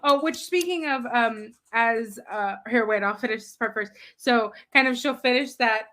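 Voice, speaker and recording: A woman player describing her character's turn at a tabletop game, her voice bright and a touch high. She takes her time, drifting through filler words and breaking into giggles as she goes. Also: moderate pace. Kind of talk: casual tabletop game play.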